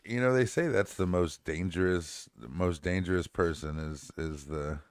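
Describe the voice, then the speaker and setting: Guy with a really low voice rambling and joking on a podcast, dry close mic. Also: normal speed, clean tone, no echo. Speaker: podcast co-host. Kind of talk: casual chat and sign-off.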